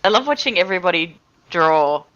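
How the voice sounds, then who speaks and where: A woman's voice: fairly low pitch, lively intonation, fairly quick, fairly bright tone. A woman chatting casually with enthusiasm, encouraging the others as they draw. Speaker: co-host of an art stream. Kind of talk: casual chat. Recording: dull lo-fi call audio, faint noise.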